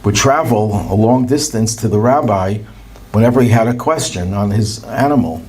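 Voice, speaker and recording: A man's voice: fairly low pitch, moderate pace, a little mellow, slight background noise. A male rabbi telling anecdotes and chuckling at his own jokes. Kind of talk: storytelling talk.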